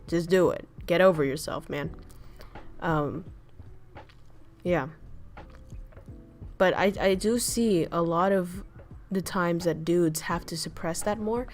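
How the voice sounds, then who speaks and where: A woman's voice: fairly low pitch, slow, long pauses, a little mellow. Woman, VTuber streamer, casual livestream chat, profane, blunt, ranting, reading chat. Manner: reads and answers chat messages.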